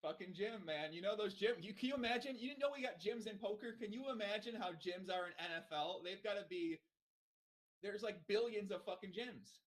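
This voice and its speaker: A man co-hosting a podcast, joking and excitable, swearing freely. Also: sits high, brisk. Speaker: podcast co-host. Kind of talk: casual podcast chat.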